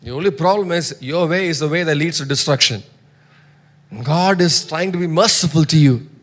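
A man preaching a sermon, reading scripture loudly and dropping to soft asides. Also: on the high side, moderate pace, in a large hall. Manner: emphatic, swings between soft asides and loud scripture reading.

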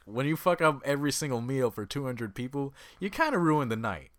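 A man's voice: mid-range voice, sing-song, brisk, over a noisy crowd. A man telling candid, profane stories about his hotel kitchen job in casual chat. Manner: candid, profane, wry storytelling.

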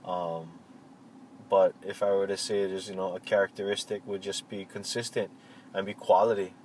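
A man answering interview questions in a relaxed, reflective way, pausing often with fillers and restarts. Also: sits low, low-quality recording. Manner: halting, many fillers and restarts. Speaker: interviewee, cultural practitioner. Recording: faint vehicle noise behind.

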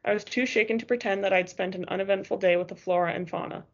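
A woman's voice: medium pitch, steady tone, fast talker, dull audio. A woman narrating a first-person novel as an audiobook, in a tense, urgent storytelling manner.

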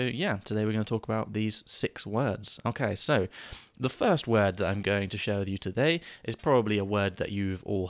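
Man, British accent, low pitch, dry sound, relaxed, filler-heavy, English lesson podcast. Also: no echo. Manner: relaxed, rambling, many ums and uhs. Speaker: podcast host and English teacher. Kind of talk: solo teaching podcast.

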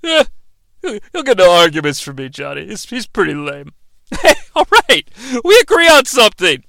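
With a high, creaky voice that swoops wildly in pitch, this American podcast co-host jokes his way through a profane, casual recap of a TV episode, slipping into mocking impressions. He talks at a moderate pace in a pushed, bright tone, recorded without echo.

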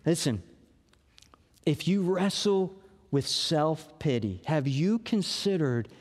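High-voiced pastor preaching slowly. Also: male voice, animated, long reverb tail. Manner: earnest, conversational preaching with emphatic rises. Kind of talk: sermon.

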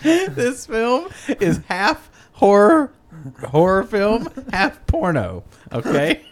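A man riffing in casual comedic banter with friends, animated and joking. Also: high-pitched, slow pace. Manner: animated, joking, loud bursts of laughter.

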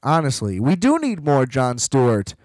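A man hosting a podcast in casual chat, rambling and animated, swearing freely. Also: medium pitch, normal speed, dry recording, poor audio. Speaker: podcast host.

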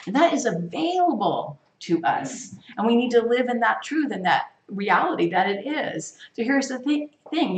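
A woman's voice: a little high, lively intonation, moderate pace. A woman leading a Bible study, teaching in an emphatic sermon style full of rhetorical questions. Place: church. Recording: echoey room, mic far off.

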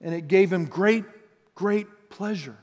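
A man's voice: high voice, a little slow, a little mellow, long reverb tail. A man preaching an earnest sermon, reading scripture aloud and stretching words for emphasis. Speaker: pastor.

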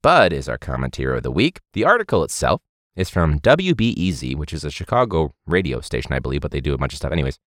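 A man's voice: a bass voice, fast, no echo, studio quality. A man hosting a casual podcast, ranting sarcastically with swearing and laughter as he talks about teaching. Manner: animated, swearing, sarcastic, laughing mid-sentence.

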